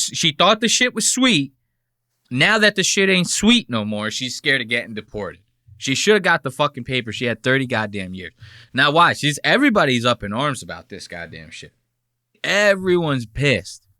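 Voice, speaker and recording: An American podcast host in his thirties rants in casual, profanity-laden commentary, heated and rambling. His voice is medium-pitched with a sharp tone, and the studio-quality recording has no room sound.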